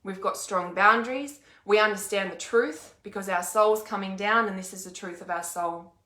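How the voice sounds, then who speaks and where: In a reverberant space, this intuitive healer and mentor reads out comments on her live stream and responds bluntly, cursing freely. Her mid-range voice is bright and forceful at a normal speed, and she rants with emphatic repetition.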